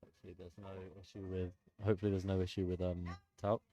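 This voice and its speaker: Deep-voiced man co-commentating powerlifting. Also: dull audio. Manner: relaxed, laughs often, quick asides. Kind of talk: live sports commentary, casual chat.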